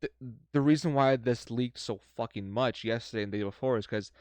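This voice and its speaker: A man's voice: medium pitch, fairly quick, a little mellow, clear, resonant tone, no room sound. A man co-hosting a casual gaming podcast, sarcastic and swearing as he argues the other side for fun. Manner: sarcastic, swearing, mock arguing. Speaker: podcast co-host.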